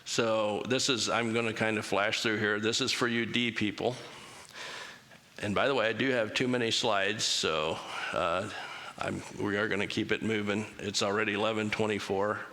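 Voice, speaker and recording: A man's voice: lowish voice, steady tone, normal speed, bright, forceful tone. A man giving an interactive church talk, casual and joking, asking the congregation to raise hands. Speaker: church speaker. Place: chapel. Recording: long chapel reverb.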